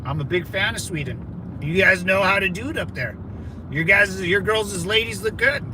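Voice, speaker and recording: A man from California livestreaming from a vehicle, rambling excitably through viewer comments with lots of fillers. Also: sits high, normal speed, noisy background. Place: in a moving vehicle in a city.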